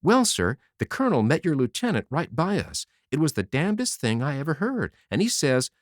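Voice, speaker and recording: A man's voice: a little high, big pitch swings, a little fast, no echo, clean studio sound, pitched above the performer's own voice. A man voicing an eager young male soldier who rambles through a story in folksy slang. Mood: eager bragging.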